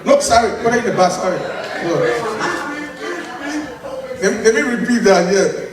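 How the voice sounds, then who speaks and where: At a convention meeting in a large hall, a Liberian man serving as election commissioner firmly repeats his instructions in a high voice at a measured pace. A loud crowd is present, and the recording is very echoey, captured far from the mic.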